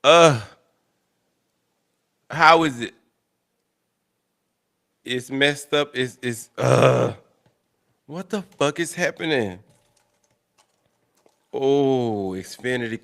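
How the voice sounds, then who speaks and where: Very slow and mid-range, with vocal fry and frequent pauses, a young streamer chats casually with his viewers. He's blunt and profane, loudly exasperated as he swears at technical trouble.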